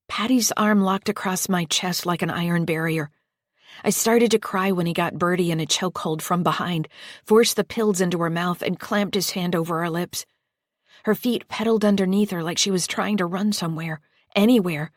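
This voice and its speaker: A woman narrating a first-person psychological thriller audiobook in a steady, tense storytelling manner. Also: lowish voice, moderate pace, dry recording, clean studio sound.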